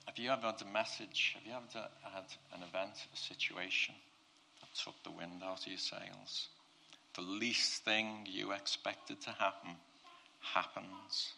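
A man preaching a sermon, telling a Bible story in a conversational way and swinging from quiet, low passages to loud, excited ones. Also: unhurried, creaky, slight background noise.

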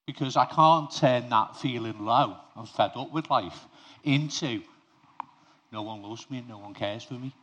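A man's voice: mid-range voice, fairly bright tone, breathy edge. A man preaching an informal sermon to his congregation. He talks conversationally, speaks to them directly and tells personal stories.

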